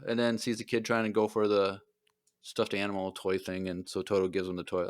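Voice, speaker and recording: A man co-hosting a podcast, recapping an episode in casual chat and acting out the characters' lines in quick put-on voices. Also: lowish voice, clean tone. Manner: animated retelling with quick voiced impressions. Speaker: podcast co-host.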